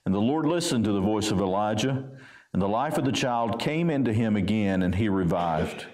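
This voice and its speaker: A pastor with a Southern US accent reading scripture aloud and explaining it conversationally in a sermon. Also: male voice, lowish voice, animated, moderate pace, a little mellow. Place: church sanctuary. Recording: roomy church echo.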